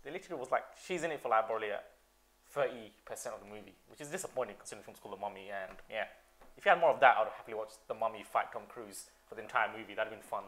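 A man hosting a casual film review chat, animated, laughing often and mimicking characters. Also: fairly low pitch, racing. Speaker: film review podcast host.

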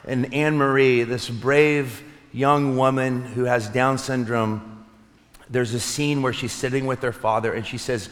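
Earnest pastor in a reverberant hall. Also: male voice, medium pitch, fairly even intonation. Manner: earnest, with soft slowed pauses. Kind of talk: Easter sermon. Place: church sanctuary. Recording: long reverb of a large hall.

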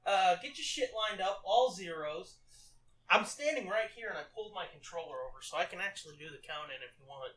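A man's voice: high-pitched, expressive, quick pace, sharp tone, breathy edge. A man co-hosting a movie commentary, telling rambling, profane stories in casual chat. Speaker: podcast co-host.

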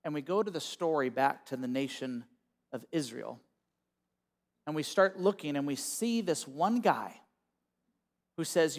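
A man preaching a sermon as pastor, moving between quiet, low reflection and loud, emphatic calls to the congregation. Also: animated, unhurried.

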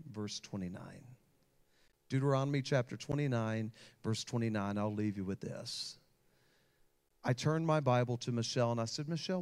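A male pastor delivering a sermon at a mid-range pitch. He tells a personal story and lets his voice build with feeling as he goes. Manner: storytelling with rising emotional intensity.

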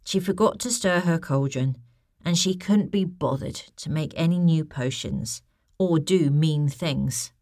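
Casting: woman storyteller, low voice, dry close sound, animated bedtime reading. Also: a little slow, no echo. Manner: lively, expressive, asks the listener questions.

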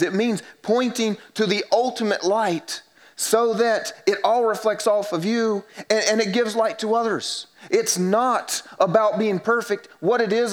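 A man preaches a church sermon in a somewhat higher voice. He pushes up in pitch to drive points home, then sinks low and soft to voice what people say. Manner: emphatic preaching, drops low and quiet for quoted voices. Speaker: pastor.

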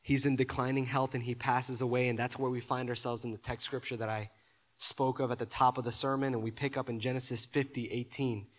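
A man preaching a sermon, often repeating his words and building to loud, emphatic peaks. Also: mid-range voice, flat delivery, brisk. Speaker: pastor.

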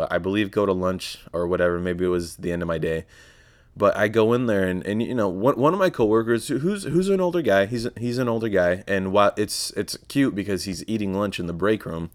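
A man's voice: sits low, no room sound. A young man hosting a casual solo podcast, rambling and sarcastic, with frequent swearing and self-corrections. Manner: profane, rambling, sarcastic asides. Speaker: podcast host.

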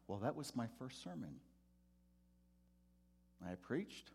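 Middle-aged preacher guy telling a story, voice swings all over, quiet then loud. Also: medium pitch, slow, vocal fry, slightly rough. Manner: lively, swings between hushed and loud. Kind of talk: storytelling talk to an audience.

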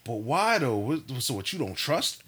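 A young man tells a story in casual conversation, animated and profane, acting out what people said. His voice is husky, medium in pitch, and at a normal speed.

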